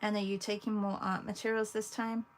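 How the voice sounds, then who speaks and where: A woman with an English accent, hosting an art livestream, chatting casually with viewers while she paints and pausing often. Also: medium pitch, level tone. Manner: chatty, talks to viewers between long pauses.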